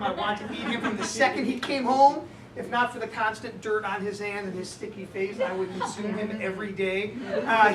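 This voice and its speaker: A middle-aged man telling a comic personal story at a live reading, wry and self-deprecating, chatting to the crowd. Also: high-pitched. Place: indoor live event venue. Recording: distant, echoey live room with background noise.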